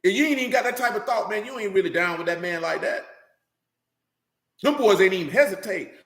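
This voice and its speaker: A man preaching with raw intensity, firing off street slang and challenges at his listeners. His voice sits fairly high and rings around an echoey room. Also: animated, fairly quick, pauses often, fairly bright tone. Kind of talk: fiery street-talk sermon.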